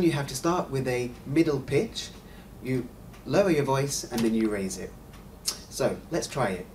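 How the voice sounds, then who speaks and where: A man hosting a scripted Mandarin lesson, explaining clearly and encouraging the listener to repeat. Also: mid-range voice, darkish tone, distant mic, slight background noise. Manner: clear, encouraging, models sounds slowly. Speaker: host and Mandarin teacher.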